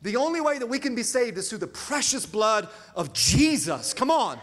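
High-voiced preacher in an echoing hall. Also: male voice, very animated, moderate pace, fairly bright tone. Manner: preaching with call-and-response asides, dramatic swings in volume. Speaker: pastor. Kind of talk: sermon. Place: large church hall. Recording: reverberant church hall with music.

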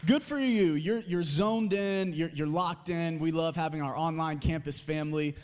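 A man's voice: fairly high pitch, moderate pace, smooth. A man, a campus pastor, rallies a church crowd with friendly welcomes and announcements, tired after little sleep. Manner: energetic, crowd-rallying, friendly with fillers. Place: large auditorium. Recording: long hall reverb.

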